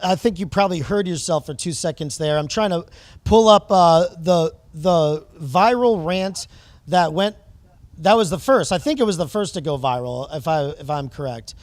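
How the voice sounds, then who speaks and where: Rambling man host, high, dry voice. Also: lively intonation, no echo. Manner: rambling, halting, enthusiastic. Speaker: podcast host. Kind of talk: casual podcast interview.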